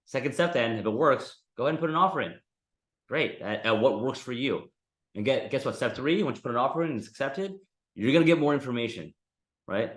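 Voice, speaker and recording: A man's voice: mid-range voice, expressive, a little fast, roomy sound. A man teaching a real estate investing class in a casual, conversational way, often tagging sentences with "right?". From United States.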